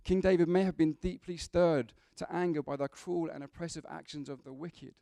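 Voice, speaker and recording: A man's voice: on the high side, steady tone, moderate pace, gravelly, dark tone, dry recording. A man preaching a sermon in a church, conversational, with humorous asides to the congregation.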